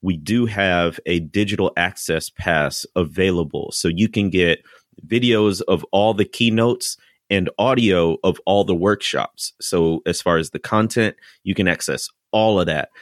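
A man with a very deep, low voice, co-hosting a podcast in a calm, plain manner. His voice is recorded dry and close, with no room sound around it. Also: measured pace, dry recording. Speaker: podcast co-host. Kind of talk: casual podcast talk.

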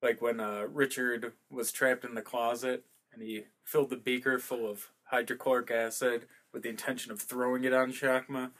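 A man's voice: mid-range voice, flat delivery, moderate pace, hardly any pauses, a bit bright. Guy on a movie podcast, mid voice, dry wry jokes, stammers a bit. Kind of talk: casual movie review chat.

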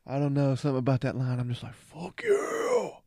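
A man co-hosting a podcast in casual chat, animated as he quotes movie lines and laughs along. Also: medium pitch, very fast, dry recording, studio quality. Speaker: podcast co-host.

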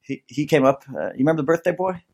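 A man's voice: fairly high pitch, fast, gravelly, a little mellow. A man from the United States co-hosting a comedy podcast, telling stories in a rambling, restarting way. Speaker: podcast co-host. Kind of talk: casual chat.

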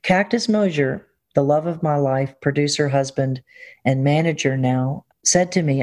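A woman musician is interviewed and tells her stories in a lively, expressive way. She laughs easily as she talks and keeps an excited, chatty energy. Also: low-pitched, moderate pace, faint music behind. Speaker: musician guest. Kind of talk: casual interview storytelling.

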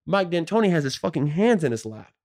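A man's voice: fairly high pitch, very animated, fairly quick, a little mellow. A man in his thirties, a podcast co-host, telling an emotional story in slangy, profane casual talk full of "like" and "bro". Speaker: podcast co-host, former pro basketball player.

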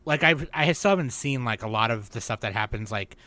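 An animated man hosting a casual chat podcast, his pitch leaping around as he jokes with friends. He laughs often, and the sound is close and dry. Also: fast talker, no room sound. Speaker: podcast host.

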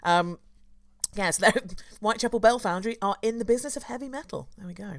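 A woman from London, a tour guide hosting a casual chat, playful and quick to laugh. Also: mid-range voice, vocal fry, no echo, studio quality. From London, England. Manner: chatty, playful, laughs often.

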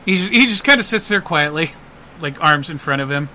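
A man narrating a tabletop role-playing game as game master, halting and full of fillers. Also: fairly high pitch, animated, sharp tone, slight background noise. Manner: halting, with many fillers and restarts.

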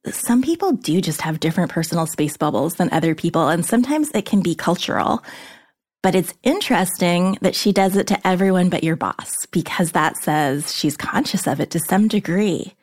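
A woman with a slightly low voice answers a listener's letter about a workplace problem. She speaks frankly and directly, in a relaxed conversational way. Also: normal speed. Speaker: advice columnist.

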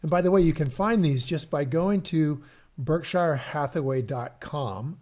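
A man's voice: on the high side, a little slow, darkish tone. Man talking shop on investing. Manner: repeats words, many fillers. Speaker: podcast co-host. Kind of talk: casual investing chat.

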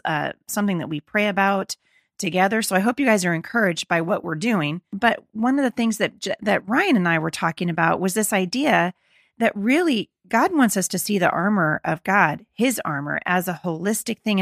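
A middle-aged woman hosting a faith-based podcast, slightly hoarse and gravelly, talking in an earnest, encouraging, conversational way. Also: medium pitch, expressive, a little fast, a bit bright, no room sound, clean studio sound. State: slightly hoarse, losing her voice. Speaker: podcast host.

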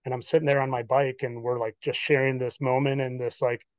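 A man's voice: medium pitch, a little fast, no echo. Chatty storytelling man, dry close sound. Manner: animated, acts out quoted dialogue, many "like" fillers. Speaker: podcast guest. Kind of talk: casual storytelling chat.

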